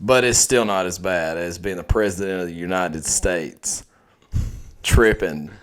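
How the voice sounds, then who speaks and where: A man's voice: low-pitched, measured pace, clean tone. A man co-hosting a podcast in casual chat, reacting with laughs and short asides. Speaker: podcast co-host.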